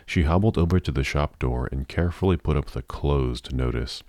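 A man narrating a novel in a measured, even storytelling manner. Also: a bass voice, no echo, studio quality. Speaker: audiobook narrator.

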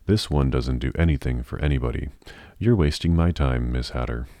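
A man's voice: a bass voice, fairly quick, dark tone, no echo, studio quality. A man reading the lines of a haughty, commanding witch with a musical, scornful voice in a storybook. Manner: scornful, cutting.

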